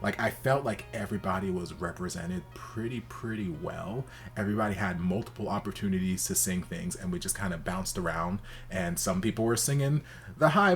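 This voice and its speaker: Campy, expressive man with a lowish voice. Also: moderate pace, soft background music. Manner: expressive, campy, jumps into high exaggerated exclamations. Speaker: reaction video host. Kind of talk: casual reaction commentary.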